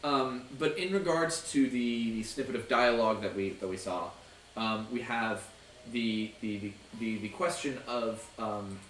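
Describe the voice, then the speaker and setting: A young man hosting a casual stream chat, explaining at length in a halting way, with many fillers and restarts. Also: mid-range voice, a bit bright, reverberant, distant mic, a little hiss or hum, poor audio. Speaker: host.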